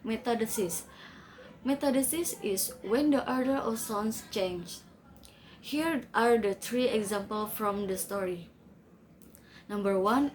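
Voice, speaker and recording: Slow, careful young woman presenting. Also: medium pitch, darkish tone, a little hiss or hum, rough recording. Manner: careful, reading from notes. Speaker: student presenter. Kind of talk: class presentation.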